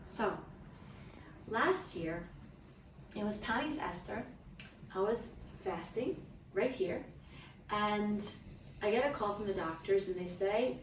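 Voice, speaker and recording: A woman's voice: mid-range voice, lively intonation, unhurried, pauses often. A woman in middle age tells an emotional personal story to a small group, earnest and often restarting her sentences. She is picked up from across an echoey room, and a faint background hiss runs under her voice. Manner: earnest, heartfelt, frequent restarts and asides to listeners. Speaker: mother sharing a testimony. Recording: roomy, distant mic with faint background noise.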